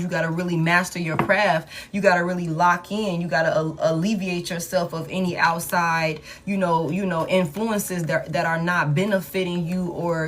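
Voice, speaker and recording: A woman giving a casual tarot reading in a repetitive, emphatic, slangy pep-talk manner. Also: fairly low pitch. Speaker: tarot reader.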